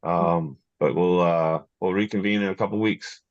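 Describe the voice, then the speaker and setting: A very deep, gravelly man leads a town planning meeting, restarting his sentences often. The sound is dull and dry, like a plain meeting-room recording. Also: steady tone, no room sound. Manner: halting, repeats words. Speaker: board chair running a meeting. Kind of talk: casual meeting discussion.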